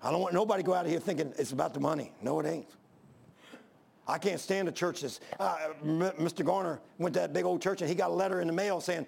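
During a church sermon, an older pastor preaches fast in a high, gravelly voice with a darkish tone. He's folksy and emphatic, looping back to a single point time after time.

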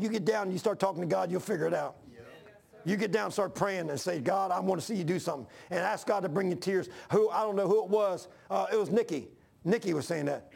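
A man's voice: high-pitched, vocal fry, darkish tone. A man in his sixties preaching a folksy, repetitive sermon to his church. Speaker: pastor.

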